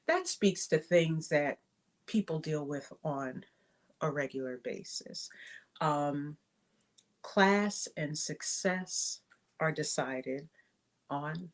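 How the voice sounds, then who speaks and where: Low-voiced, unhurried woman reviewing a film. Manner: conversational, thinks aloud with many fillers and restarts. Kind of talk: casual spoken movie review.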